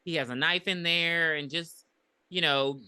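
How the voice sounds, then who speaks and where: Animated woman retelling a movie plot. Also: deep voice, a little slow, clear, resonant tone. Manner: animated retelling with acted-out quotes. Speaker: podcast co-host. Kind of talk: casual movie review chat.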